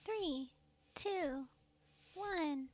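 A woman's voice: high voice, drawn-out words, a little hiss or hum. A woman from the United States hosting a casual gaming stream, giggling often and teasing playfully. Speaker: streamer host.

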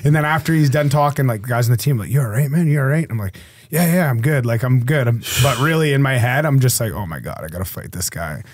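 A man's voice: mid-range voice, quick pace, no room sound, studio quality. A man in his thirties, a hockey player guest, telling stories in casual chat and acting out the lines of the people in them. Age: 30s. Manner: laid-back, acts out quoted lines in his stories. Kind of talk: casual storytelling.

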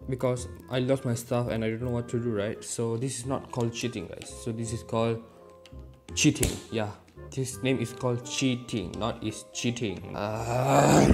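Gaming YouTuber, male, mid-pitched, excitable self-narration in non-native English with sudden shouts. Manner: excitable, talks to himself, sudden loud outbursts. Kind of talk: casual let's-play commentary.

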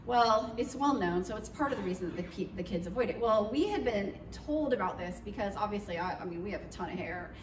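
A woman telling a church congregation about a trip in a lively, chatty way, with plenty of fillers and acted-out quotes. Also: mid-range voice, fairly quick, hardly any pauses, noisy background. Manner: animated, chatty, lots of fillers, acts out quotes. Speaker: mission trip leader speaking to church. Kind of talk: storytelling trip recap. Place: church hall. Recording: roomy echoey hall, mic far off.

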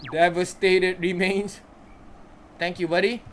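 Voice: mid-range voice, flat delivery, slow pace, soft background music. A gamer giving casual commentary while playing, chatting to the characters and reacting aloud.

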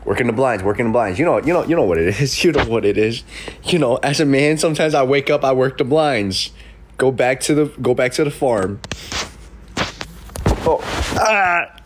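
Young male streamer, sniffly from a cold, playful and lively, jumping up and down in pitch while reading chat. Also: brisk, background noise. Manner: playful, jokey, reacting to comments. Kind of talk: casual livestream chat. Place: his room in an apartment. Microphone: desk mic.

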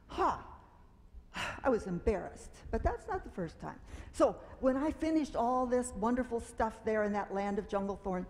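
A woman telling a children's story at a church service, animated and dramatic, acting out fearful cries and screams. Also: a little high, brisk, in a large hall, a little hiss or hum. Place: large meeting hall.

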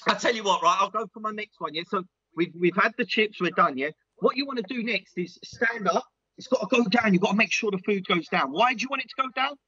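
A man's voice: high-pitched, fast, sharp tone, husky, dry recording, highs cut off, full character voice. A man playing a big, earnest, clueless self-styled diet guru in a comedy sketch, instructor patter full of "yeah?" and "right?". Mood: instructive.

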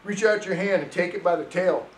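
A male pastor preaching a sermon, reading scripture and telling stories in an animated way. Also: high voice, a little fast, reverberant, far from the mic, a little hiss or hum, low-quality recording. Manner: animated storytelling, reads scripture aloud. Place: church sanctuary.

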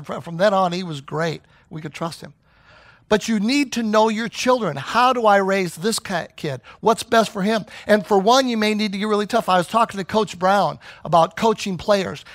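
Preaching as a pastor, a middle-aged man tells stories with animation and performs the voices of those he quotes. He has a high-pitched voice, captured in a dry recording.

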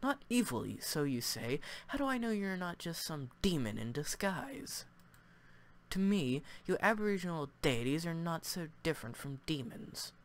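A man's voice: on the high side, very animated, normal speed. A man voicing a wary, suspicious male cat spirit in a visual novel, questioning distrustfully.

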